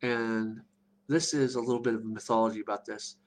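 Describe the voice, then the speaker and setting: A middle-aged man teaching a live online class on druidry, halting and rambling with many fillers. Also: lowish voice, fairly even intonation, low-quality recording.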